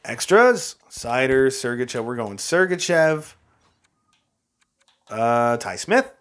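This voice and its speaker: A man's voice: mid-range voice, very animated, slow. A young man giving casual, frustrated commentary while playing a hockey game, talking to himself and laughing at his own bad luck. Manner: frustrated, exasperated, self-mocking with frequent laughs. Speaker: gaming YouTuber.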